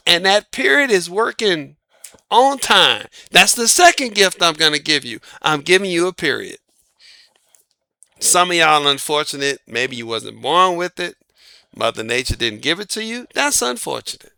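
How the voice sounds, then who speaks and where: A man's voice: on the high side, gravelly, pushed and bright, dry recording, clean studio sound. A man giving dating advice in a folksy, emphatic casual monologue. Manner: folksy, emphatic, laughs at own jokes.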